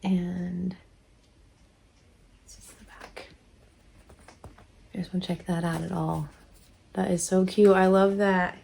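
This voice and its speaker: A woman's voice: medium pitch, steady tone, a little slow, vocal fry, pauses often, darkish tone, a little hiss or hum. A woman vlogger opening mail on camera, chatty and rambling, gushing and laughing often. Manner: gushing and emotional. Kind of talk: casual chat.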